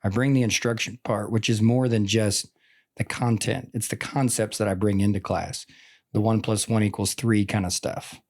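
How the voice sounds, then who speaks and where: A man's voice: on the low side, fairly even intonation, moderate pace, darkish tone. A man in his forties, a veteran teacher, talking in an earnest, rambling way full of "like" and "I mean" in a casual conversation. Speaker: teacher and podcast guest.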